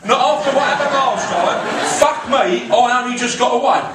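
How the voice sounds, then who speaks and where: A South London man in his forties doing crude, self-deprecating stand-up in a dry, deadpan way. His voice sits fairly high and booms around a reverberant comedy club. The mic catches him from a distance, with clatter and noise in the room. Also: normal speed.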